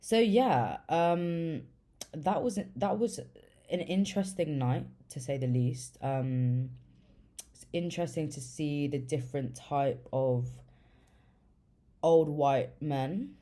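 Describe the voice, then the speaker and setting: A woman's voice: low voice, takes it slowly, warm tone. A young woman telling a story in a loose, casual way, full of swearing and fillers like "like". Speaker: vlogger.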